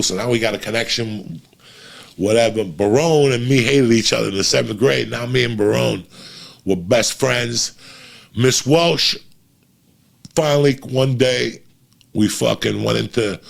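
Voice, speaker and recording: A man telling a profane, animated story and acting out the voices of the people in it. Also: lowish voice, vocal fry. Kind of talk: casual storytelling.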